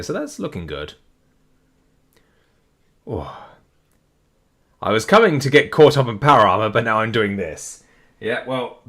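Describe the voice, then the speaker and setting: A man's voice: on the low side, fairly bright tone. Weary man reading on a live stream. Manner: weary, rambling, swears casually. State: tired, voice sticking. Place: home streaming setup. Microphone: desk mic with facecam.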